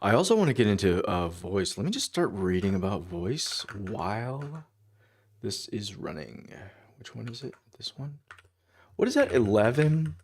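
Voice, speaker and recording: A man with a fairly low voice talks through his coding session, reading and reacting as he goes. He murmurs short asides and half-thoughts to himself in a relaxed, conversational way. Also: moderate pace, slight background noise. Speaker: developer livestreaming his coding. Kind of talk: casual thinking-aloud commentary.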